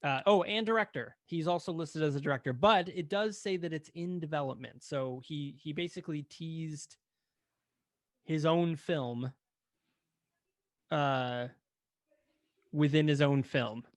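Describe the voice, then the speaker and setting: A man's voice: a little high, unhurried, long pauses, no echo, clean studio sound. A man co-hosting a casual film podcast, rambling and joking with lots of fillers. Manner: rambling, jokey, many fillers. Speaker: podcast co-host.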